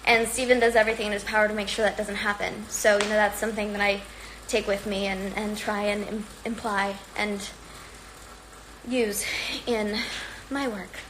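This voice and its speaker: A woman hosts a livestream from home, chatting casually in a rambling, upbeat way while slightly out of breath from exercising. Her medium-pitched voice is level in tone and normal in speed, with background noise.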